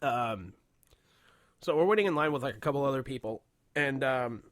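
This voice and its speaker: A man's voice: mid-range voice, animated, normal speed, a bit bright, no echo, clean studio sound. A man hosting a casual radio chat, telling stories with lots of swearing and laughter. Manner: laughs often, swears, retells stories in quoted voices. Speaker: radio show host.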